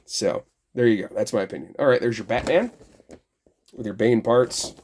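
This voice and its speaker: A man's voice: lowish voice, moderate pace, darkish tone, a little hiss or hum. A middle-aged man hosting a toy review, talking in a rambling, sarcastic and heavily profane way. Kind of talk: casual ranting review.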